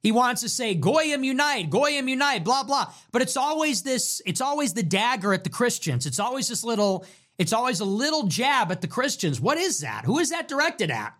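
A man's voice: very high voice, sing-song, brisk, a bit bright. A man hosting his own show, delivering a heated, profane and mocking commentary rant. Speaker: show host.

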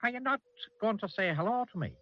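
A man's voice: high-pitched, lively intonation, fast, muffled recording, slight background noise, pitched above the performer's own voice. A man voicing a cheeky, skipping little male goblin in a teasing, sing-song way for an old cartoon. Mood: impish.

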